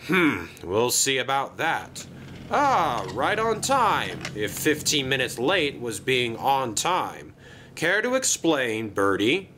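A man plays a stern, pompous railway boss from a children's story. He speaks in a formal, measured way, with a lively rise and fall in his pitch. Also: slight background noise, exaggerated voice.

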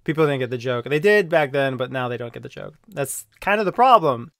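A man with a mid-range, somewhat bright voice talks briskly with lively intonation, recorded cleanly in a studio with no room sound. An online video creator under review, he delivers a casual, rambling, defensive monologue full of fillers and self-justification.

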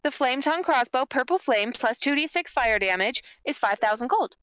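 A woman playing a tabletop game, bargaining in character with slow deliberate offers. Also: sits high, animated, a bit bright, clear, resonant tone, no echo, rough recording. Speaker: player.

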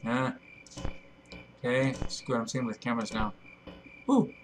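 A man's voice: mid-range voice, expressive, moderate pace, long pauses, a little hiss or hum. Chatty self-mocking gameplay commentator man. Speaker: gameplay video host. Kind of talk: let's play commentary.

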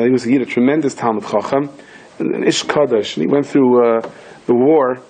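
Husky rabbi telling stories, peppered. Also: male voice, low-quality recording. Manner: animated storyteller, acts out quoted voices with sudden high pitch jumps. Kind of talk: storytelling Torah lecture.

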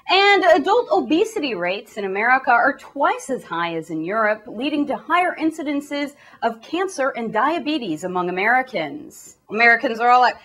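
A woman's voice: fairly high pitch, very animated, moderate pace, hardly any pauses, a bit bright. A young woman hosting a comedic news recap in a goofy, sarcastic way. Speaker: news host.

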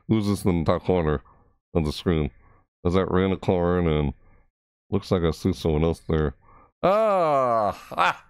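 A man hosting a reaction video, rambling casually with frequent restarts and excited asides, his voice cracking. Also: low voice, normal speed, smooth, no echo, clean studio sound.

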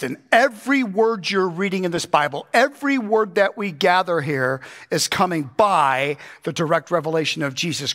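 Man, high-pitched voice, pastor, verse-by-verse sermon, emphatic, conversational, rhetorical questions. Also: a bit bright. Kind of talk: verse-by-verse Bible teaching sermon. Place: church.

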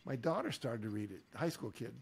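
A man's voice: mid-range voice, expressive, a little fast, gravelly, breathy edge. A man hosting a podcast interview, talking in a reflective, storytelling way with many "you know"s. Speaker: podcast host. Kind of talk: conversational interview.

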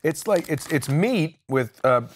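A man's voice: on the high side, lively intonation, unhurried, slight background noise. A man co-hosting a casual gaming chat, jokey and rambling as he clowns around. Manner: jokey, rambling, playfully silly. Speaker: co-host.

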